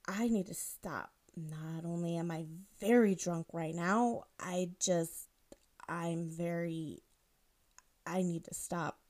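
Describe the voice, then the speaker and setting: A woman's voice: fairly low pitch, steady tone, slow, hardly any pauses, dark tone. Woman doing a distraught young actress, drunk, sobbing, pleading, slurred, audio fiction reading. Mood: drained.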